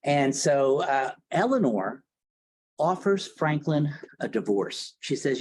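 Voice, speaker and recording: A man's voice: medium pitch, big pitch swings, takes it slowly, darkish tone, poor audio. A man giving a casual, storytelling history lecture, chatty and theatrical, often checking in with the audience. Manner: chatty, theatrical, tag questions.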